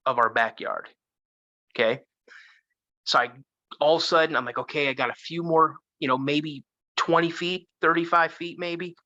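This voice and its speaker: A man in his fifties, a guest telling a first-person story in an animated way, with frequent restarts. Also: a little high, no room sound, lo-fi sound. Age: 50s.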